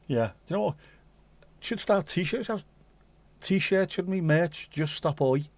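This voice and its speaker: This high-pitched male livestream host is expressive, slow and a little mellow, recorded with no echo. He reads out messages from viewers and rambles jokily, swearing and using lots of British slang.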